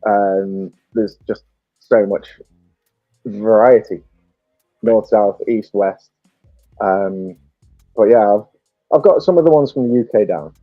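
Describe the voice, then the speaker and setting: A man's voice: lowish voice, slow, long pauses, dry recording. A man with a Stoke-on-Trent English accent, chatting casually and telling anecdotes with frequent laughs. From England. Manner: chatty storyteller, laughs often. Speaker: podcast guest. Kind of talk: casual chat. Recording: dull lo-fi dry mic with faint music.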